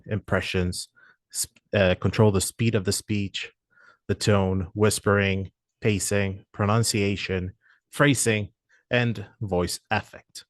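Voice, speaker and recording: A man with a fairly low voice walks through software features in a halting way, stopping often on "uh" between phrases. The sound is dry and close, with little room in it. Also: no room sound. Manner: hesitant, many "uh" fillers. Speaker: product presenter.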